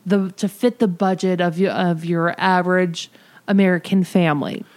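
A woman's voice: on the low side, normal speed. A woman co-hosting a casual recap podcast, talking animatedly and acting out characters' lines. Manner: animated, acts out characters' lines in quoted voices. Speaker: podcast co-host recapping a TV series. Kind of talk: casual chat.

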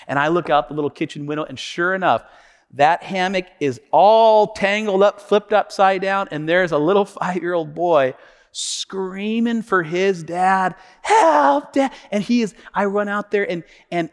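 A man in his thirties preaching a sermon as a pastor, telling a family story in a loose, conversational way and often saying "man". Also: fairly high pitch. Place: church sanctuary. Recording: long hall reverb.

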